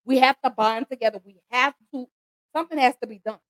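A woman's voice: high-pitched, fast talker, no echo, poor audio. A woman hosting an emotional commentary, pleading and impassioned as she talks straight to her listeners. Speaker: host.

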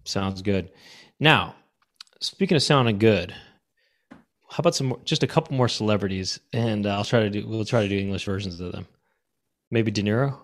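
A man's voice: on the low side, moderate pace, pauses often. A man co-hosting a comedy podcast, chatting casually and joking around. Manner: joking, does goofy barking song impressions. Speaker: podcast co-host.

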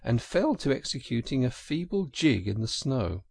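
Gravelly, lively man narrating a storybook. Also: mid-range voice, normal speed, no echo. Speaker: audiobook narrator.

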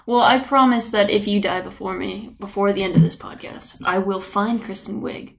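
A woman's voice: mid-range voice, fairly even intonation, moderate pace, vocal fry, hardly any pauses. A woman co-hosting a podcast, chatting casually with playful, rambling musings. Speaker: podcast co-host. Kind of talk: casual chat.

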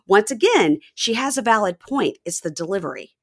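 A woman podcast co-host in casual chat, easygoing and reasoning things through, with quick agreeing fillers. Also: medium pitch, big pitch swings. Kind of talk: casual reality TV recap chat.

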